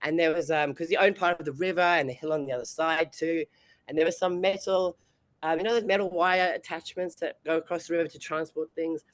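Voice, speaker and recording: A woman's voice: low voice, fairly even intonation, fairly quick, dry recording. A woman, chatting as an interview guest and laughing often between sentences. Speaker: bodybuilding competitor and guest. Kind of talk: casual interview chat.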